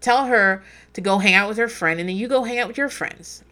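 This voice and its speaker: A woman's voice: mid-range voice, brisk, sharp tone. Profane, digressive woman in her forties. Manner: digressive, profane, laughs at herself. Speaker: podcast host recapping a reality show. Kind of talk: casual chat.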